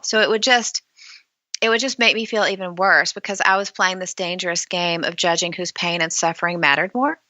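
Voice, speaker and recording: Woman, author guest, podcast interview, bright forceful voice, candid storyteller, dull lo-fi sound. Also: fairly low pitch, no room sound. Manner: candid storyteller, acts out dialogue.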